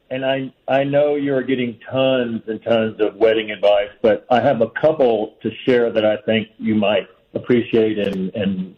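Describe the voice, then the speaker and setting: Male caller on a dull phone line, earnest and heartfelt. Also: mid-range voice. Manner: earnest, heartfelt advice-giving. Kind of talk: call-in advice.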